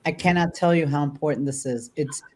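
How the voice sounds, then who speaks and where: A woman's voice: low-pitched, a little fast, dark tone, a little hiss or hum. A woman hosting a casual chat as a dog trainer, talking in a chatty way with frequent restarts and tag questions like "right?". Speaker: dog trainer and show host.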